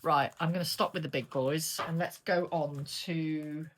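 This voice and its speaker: A woman's voice: low voice, fairly even intonation, a little slow, very noisy. A woman with a British accent giving a casual, chatty tarot reading, blunt and sweary as she turns the cards. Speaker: tarot reader.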